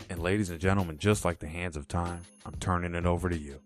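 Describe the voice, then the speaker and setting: Brief: very deep male podcast host, punchy delivery, soft music bed. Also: quick pace, few pauses. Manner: animated, punchy pick announcements with jokey asides. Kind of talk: solo sports betting podcast.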